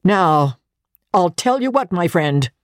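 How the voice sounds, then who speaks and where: A woman doing a gruff old miser. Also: fairly low pitch, expressive, slow, no room sound, studio quality, pitched above the performer's own voice. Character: old male miser, gruff then joyful.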